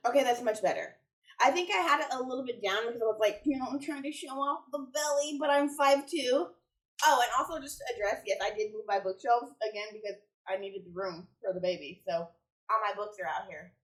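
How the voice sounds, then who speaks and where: A woman's voice: fairly high pitch, brisk. A woman from the United States rambling enthusiastically to camera at home about books she wants to read. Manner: chatty, rambling, enthusiastic, self-correcting. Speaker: book vlogger. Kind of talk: casual chat to camera. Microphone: camera a little way off. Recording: roomy sound from a distant mic.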